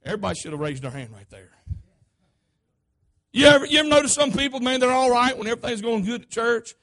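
A preacher with a strikingly high voice delivers a fervent sermon. He repeats his phrases, calls out to the church for responses, and leaps from shouted lines down to soft, hushed asides. His melody rises and falls constantly. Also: lively intonation, fast. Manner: emphatic, repetitive, call-and-response.

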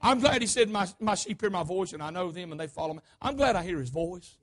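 High-voiced preacher, fervent and lively. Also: male voice, fast. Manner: emphatic, repetitive, call-and-response; swings between shouts and hushed asides. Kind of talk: sermon.

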